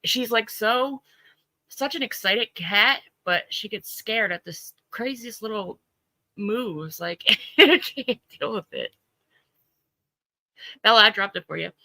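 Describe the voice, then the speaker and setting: A woman's voice: on the high side, expressive, slow, pauses often, bright, forceful tone, dry recording, rough recording. A woman hosting a casual livestream, greeting viewers by name and laughing through her stories. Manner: chatty, laughs at own stories. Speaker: livestream host.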